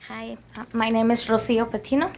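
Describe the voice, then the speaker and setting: A woman's voice: a little high, steady tone, brisk, darkish tone, a little hiss or hum. A woman speaking as a concerned parent at a public comment, hesitant and full of fillers. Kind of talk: public comment at a board meeting.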